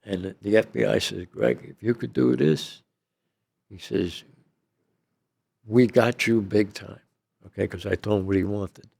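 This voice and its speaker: A man's voice: fairly low pitch, steady tone, measured pace, gravelly, long pauses, a little mellow, slightly rough. An older man telling a long story as an interview guest, rambling and tagging his lines with "okay?" and "you know".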